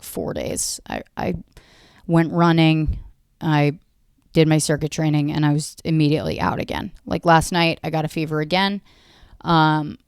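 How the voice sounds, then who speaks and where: A woman's voice: on the low side, smooth, no room sound, studio quality. A woman hosting a comedy podcast, rambling through a profane, self-deprecating monologue.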